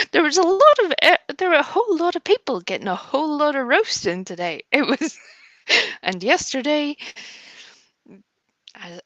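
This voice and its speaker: Lady on a stream saying hi to everyone, giggly and warm-hearted, kinda high voice. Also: no echo. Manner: chatty, giggly, affectionate. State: a bit nervous. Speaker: livestream host. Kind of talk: casual chat greeting viewers.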